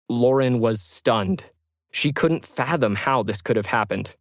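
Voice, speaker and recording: A man giving measured, scripted narration of a science fiction story. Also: medium pitch, animated, no echo, clean studio sound.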